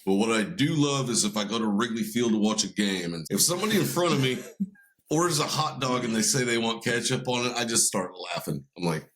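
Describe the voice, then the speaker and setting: A man co-hosting a podcast, telling stories in a profane, ranting, animated way. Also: medium pitch, a little fast, slight background noise. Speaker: podcast co-host. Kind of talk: casual comedic podcast banter.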